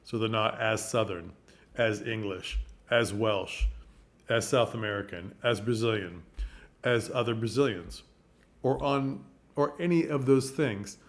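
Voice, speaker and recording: A man's voice: lowish voice, measured pace. A man giving casual, emphatic advice on stage acting to camera, often stopping to check in with the listener. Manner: emphatic, keeps checking in with "okay?". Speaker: theatre acting teacher. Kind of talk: casual teaching talk to camera.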